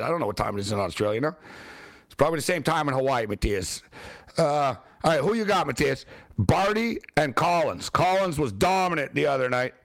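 A man hosting a late-night sports radio show, ranting and joking in an excitable, wisecracking way. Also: on the high side, gravelly, no room sound, studio quality.

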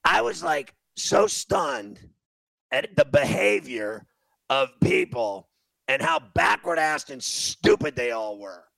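Loud, gravelly ranting radio host man. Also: fairly high pitch, big pitch swings, slow pace, no room sound. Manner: loud, profane, mocking ranting. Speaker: talk show host. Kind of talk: radio talk show rant.

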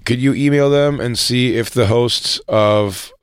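A man's voice: medium pitch, unhurried, clean tone. A man co-hosting a comedy talk radio show, tossing out dry, sardonic quips and wordplay. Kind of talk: casual comedic banter.

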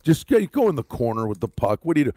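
A man's voice: medium pitch, fast talker, dry recording. Opinionated man, dry close sound. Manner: opinionated, animated when making a point. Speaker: sports radio co-host. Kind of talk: casual sports talk.

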